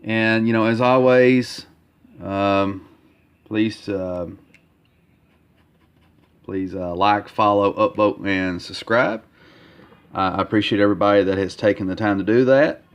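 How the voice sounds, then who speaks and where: Low-voiced man, halting casual vlog. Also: steady tone, clean tone. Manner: halting, full of fillers and repeated words. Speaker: comic artist vlogger. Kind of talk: casual progress-update vlog.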